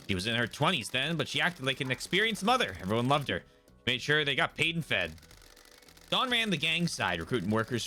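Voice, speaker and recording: A man voicing a gruff older gang boss with a put-on British accent and a blunt, world-weary manner, reading game dialogue. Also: medium pitch, bright, forceful tone, a little hiss or hum. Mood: measured.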